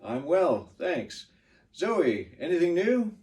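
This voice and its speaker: A man teaching a pronunciation lesson to a class, patient and lively, exaggerating the stressed words. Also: a little high, slow pace, recorded from a distance.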